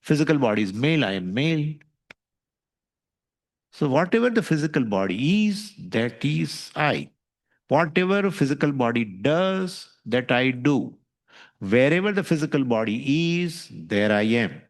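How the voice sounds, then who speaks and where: A man's voice: mid-range voice, big pitch swings, measured pace. A man giving a spiritual lecture on scripture, questioning his listeners and repeating his points. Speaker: spiritual teacher.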